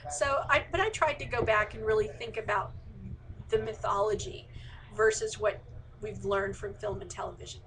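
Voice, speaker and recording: A woman's voice: medium pitch, normal speed, a bit bright, slight background noise, rough recording. A woman author in a casual online Q&A, reading out audience questions and answering them chattily with plenty of fillers. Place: indoors, remote live stream.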